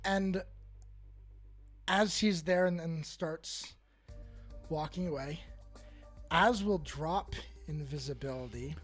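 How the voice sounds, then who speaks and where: A man's voice: a little high, takes it slowly, pauses often, husky, faint music behind. A man playing a tabletop game, announcing his dice rolls and his character's actions. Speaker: player.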